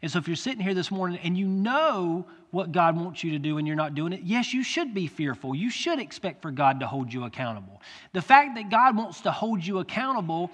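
A male pastor preaching a sermon with earnest, direct address that swells into loud pleading. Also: sits high, very animated, brisk. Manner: earnest, rises to loud pleading when quoting. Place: church sanctuary. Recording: long church hall reverb.

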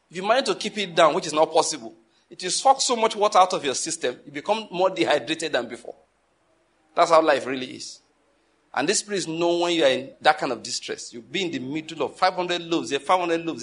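A man preaching a sermon, emphatic and repetitive, firing rhetorical questions and swinging between quiet and forceful delivery. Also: sits high. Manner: emphatic, repeats key phrases, asks the audience rhetorical questions; wide swings in loudness between calm and forceful.

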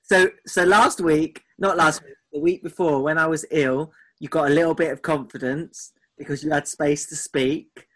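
Husky, teasing man. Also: a little high, steady tone, a bit bright. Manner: teasing, quick-fire, mock-exasperated. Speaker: podcast co-host. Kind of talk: casual podcast banter.

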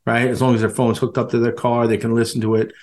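A man's voice: mid-range voice, little pitch movement, fast, a little mellow. An effusive man hosts a podcast, chatting casually and laughing often. His voice sits in a middle range, and he stumbles and repeats words as he goes. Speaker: podcast host. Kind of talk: casual interview chat.

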